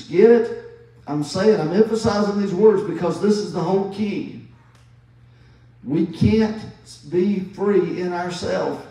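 A man in his fifties preaching a sermon as pastor, slowly and emphatically, repeating key phrases. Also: sits high, mellow. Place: church sanctuary. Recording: very echoey church from a distance.

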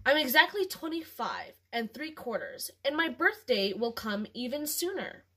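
A woman's voice: high-pitched, sing-song, moderate pace, pushed and bright, full character voice. A woman voicing a playful young aunt in a storybook reading.

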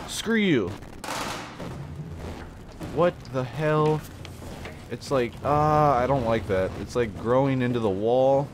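A man's voice: medium pitch, slow, long pauses, background noise. A man doing gameplay commentary on a horror game, joking to himself and blurting startled exclamations. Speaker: let's play host. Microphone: desk mic with face cam.

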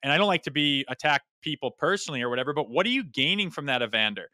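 A man co-hosting a sports podcast, talking fast and bluntly with a bright, forceful edge. His voice is smooth and clear, recorded dry and close with no room sound. He is opinionated, ornery and salty-mouthed. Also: on the high side, lively intonation, dry recording. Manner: blunt, opinionated, swears freely; self-described ornery. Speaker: podcast co-host. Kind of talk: casual sports podcast chat.

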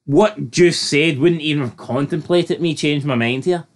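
Male co-host, slightly high voice, rambling and hedging, loose and profane. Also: moderate pace. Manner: hedging and rambling, swears freely. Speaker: podcast co-host reviewing a TV episode. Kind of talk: casual chat.

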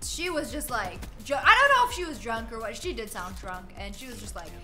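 Young woman gaming and chatting, high bright voice, rambly, cusses at the game, faint music. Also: very animated, fairly quick. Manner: rambling, swears at the game, laughs often. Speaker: gaming streamer. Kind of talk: casual storytelling while playing.

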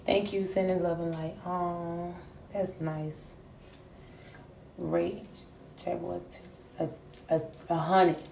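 A young woman hosts a casual livestream, talking straight to her viewers and brashly roasting commenters with plenty of swearing. Her voice sits fairly low for a woman. The sound is roomy, with a faint hiss behind it. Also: flat delivery, takes it slowly, creaky, long pauses, dark tone, recorded from a distance. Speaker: livestream host.

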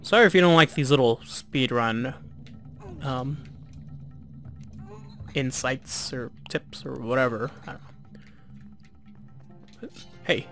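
Gravelly-voiced let's play guy. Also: mid-range voice, takes it slowly, pauses often, faint music behind. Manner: relaxed, chatty, self-deprecating. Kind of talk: casual gameplay commentary.

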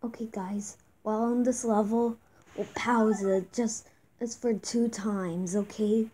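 A woman giving casual commentary on her own gameplay, reading the game's text aloud with excited outbursts. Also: a little high, slow, rough recording. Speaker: gameplay video host. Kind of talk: casual let's-play commentary. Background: game music.

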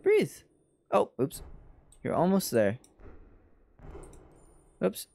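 A man's voice: medium pitch, expressive, moderate pace, a little mellow. A young man streaming a video game, chatting and mocking himself as he plays. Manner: self-mocking, exclaims often. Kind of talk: gaming commentary. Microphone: desk mic.

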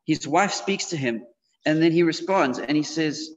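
A man with a voice on the high side speaks at normal speed, preaching to teenagers as a youth preacher in a relaxed, conversational style with frequent fillers. The recording is dull and a touch muffled, with a long reverb from the church hall.

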